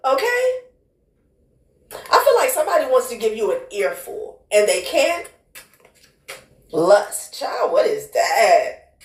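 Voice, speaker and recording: A woman doing a casual tarot reading, blunt and profane, who calls the listener honey and child. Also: sits high. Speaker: tarot card reader. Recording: echoey room.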